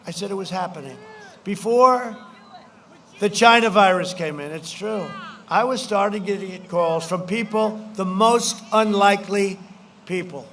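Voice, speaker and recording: Guy with a highish voice doing a rally speech outdoors on a stage mic, repeats himself a lot, brags, faint noise behind. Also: a little slow, fairly bright tone. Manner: repetitive, boastful, slips into mocking quoted voices. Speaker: political speaker at a campaign rally.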